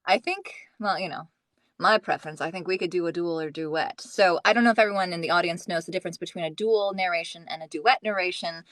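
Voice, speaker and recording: A woman's voice: lowish voice, fast talker, a bit bright, dry recording, clean studio sound. A professional audiobook narrator and livestream host, a woman who chats in a bubbly, enthusiastic way and laughs easily.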